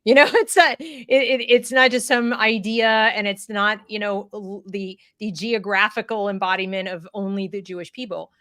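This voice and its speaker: A woman hosting a discussion, talking in an animated way with many fillers and restarts. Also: medium pitch, moderate pace, hardly any pauses, dry recording, clean studio sound. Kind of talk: conversational discussion.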